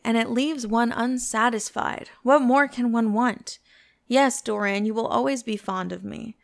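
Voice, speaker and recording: A woman's voice: on the high side, gravelly, a bit bright. Woman reading a languid cynical aristocrat. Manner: languid, epigrammatic.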